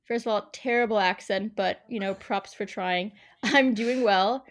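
A woman's voice: mid-range voice, unhurried. Frank woman from Boston chatting football. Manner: frank, easygoing, uses um often. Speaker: podcast guest panelist. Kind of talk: casual football podcast chat.

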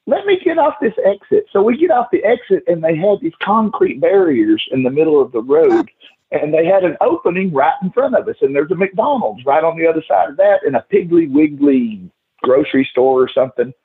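A man's voice: fairly high pitch, sing-song, brisk, creaky, breathy edge. A man telling rowdy stories as a podcast guest, swearing freely and acting out quotes, over a tinny call line. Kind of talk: casual storytelling.

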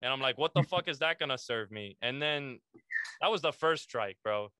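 A man hosting a podcast, telling a story in animated casual chat, swearing freely and saying "bro" often. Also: medium pitch, moderate pace, clean tone, no echo.

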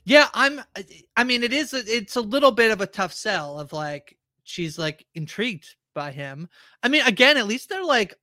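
A chatty woman co-hosting a show recap, acting out characters' lines as she goes. Her voice sits high and sounds bright and forceful. The sound is dry and close, with no room around it. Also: sing-song, moderate pace, no echo. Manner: chatty, acts out characters' lines in quotes, many "like"s. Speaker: podcast co-host. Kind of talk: casual recap chat.

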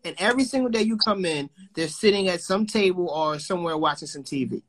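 A man's voice: sits high, quick pace, a bit bright. A man in casual chat, talking loosely and profanely and often circling back on his words. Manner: loose, profane, rambling and repeats himself.

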